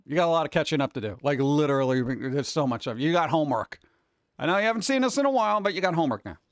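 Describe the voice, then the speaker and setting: A man's voice: a little high, animated, very fast, dry recording, studio quality. A man hosting a casual live stream, chatting with his viewers in a rambling, jokey way and jumping from topic to topic. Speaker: cartoon creator and streamer host. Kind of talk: casual chat with a live chat audience.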